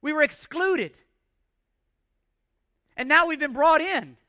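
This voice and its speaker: A man in his forties preaches with a very high, bright, forceful voice. He presses his points with rhetorical questions and repeated words. The sound is dry and close, with no room around it. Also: expressive, slow, dry recording. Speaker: pastor. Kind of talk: sermon.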